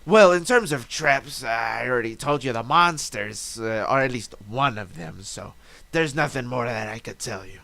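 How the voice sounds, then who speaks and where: A man's voice: mid-range voice, lively intonation, moderate pace, creaky, bright, forceful tone, voice pushed down. A man voicing a teasing labyrinth keeper in a tabletop game retelling, stalling with fillers and dodging questions. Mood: coy, evasive.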